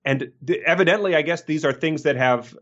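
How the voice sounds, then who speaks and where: A man's voice: on the high side, brisk, a bit bright, highs cut off. A man co-hosting a casual book podcast, rambling and joking and laughing often. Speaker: podcast co-host.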